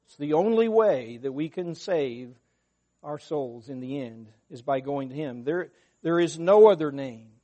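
A man's voice: fairly high pitch, expressive, measured pace, dark tone, highs cut off. A man preaching a sermon to his congregation, earnest and emphatic, rising in force when he quotes scripture. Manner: unscripted, talks to the congregation.

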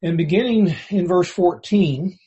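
A man's voice: high-pitched, a little slow, mellow, slightly rough, highs cut off. A man preaching a sermon in an earnest, plainspoken way, reading and explaining scripture for a congregation. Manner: earnest, plainspoken, restarts words, rises when quoting scripture.

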